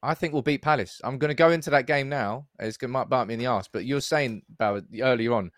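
A man's voice: mid-range voice, fast, no echo, clean studio sound. A man hosting a casual football podcast, leading the talk and swearing freely. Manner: animated, swears casually, leads the discussion. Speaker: podcast host.

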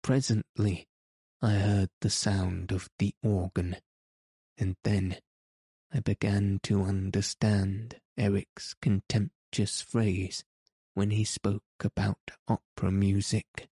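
A man narrating an audiobook in a measured, solemn manner. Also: on the low side, flat delivery, mellow, slightly rough, dry recording, studio quality.

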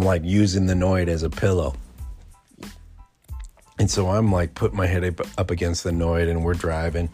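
Deep-voiced man rambling through a story. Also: darkish tone. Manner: rambling, profane, laughs mid-story. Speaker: podcast host. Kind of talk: casual storytelling.

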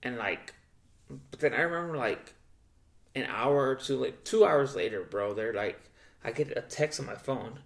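Gravelly young man telling profane stories. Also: lively intonation, normal speed. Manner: loose and profane, acts out quoted voices with big pitch jumps. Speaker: podcast co-host. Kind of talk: casual storytelling chat.

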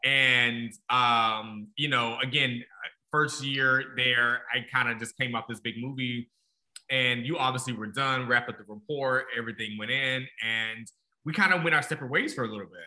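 A man's voice: medium pitch, steady tone, normal speed, pushed and bright. A man co-hosting a podcast, talking in a reflective, casual way with restarts. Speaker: podcast co-host. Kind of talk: casual chat.

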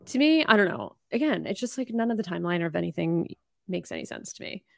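A woman's voice: on the low side, very animated, quick pace, creaky. A woman co-hosting a podcast, talking casually in a conversational, exasperated way, leaning on "like" a lot. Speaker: podcast co-host. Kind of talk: casual chat recapping reality TV.

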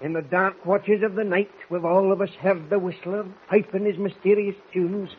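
A man's voice: high voice, fairly even intonation, normal speed, close to an everyday voice. A man playing an old Scottish sailor, lo-fi radio. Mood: warning. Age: older. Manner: earnest, pleading. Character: stubborn old Scottish sailor, loyal to captain. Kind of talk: 1940s radio drama acting. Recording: lo-fi old radio transcription with hiss.

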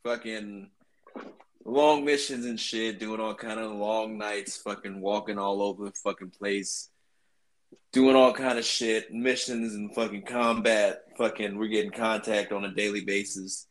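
Man, slightly low voice, army veteran, casual storytelling, constant swearing. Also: a little slow, rough recording. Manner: profane, animated storyteller.

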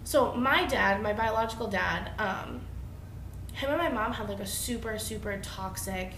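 A young woman chatting as a podcast guest, full of fillers and quick laughs. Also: mid-range voice, fairly bright tone, echoey room, a little hiss or hum, low-quality recording. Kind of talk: casual chat.

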